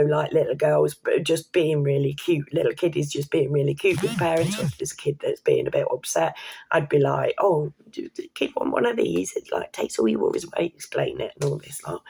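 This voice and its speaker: A woman telling a personal story to camera in a chatty, excitable way, with casual swearing and slang. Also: low voice, normal speed, creaky, husky. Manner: chatty, excitable, laughs while telling stories. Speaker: vlogger.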